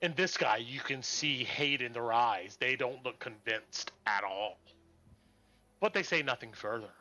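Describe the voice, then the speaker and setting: A man's voice: medium pitch, expressive, unhurried, bright, forceful tone. A man narrating a tabletop game as game master, describing scenes and giving voice to crowd characters.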